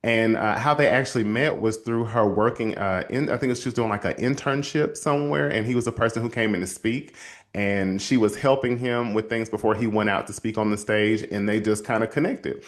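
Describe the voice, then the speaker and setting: A man hosting a show and telling a story from his counseling work in a lively, casual way, calling his listeners y'all. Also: lowish voice, brisk. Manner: animated, addresses listeners as y'all, acts out quotes. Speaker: host and counselor.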